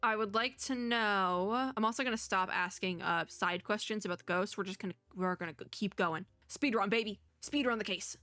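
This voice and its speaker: A young woman doing let's play commentary, chatty and animated, reading game dialogue aloud. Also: mid-range voice, normal speed, hardly any pauses, no room sound. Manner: chatty, animated, reads lines in voices, laughs often. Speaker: gaming YouTuber.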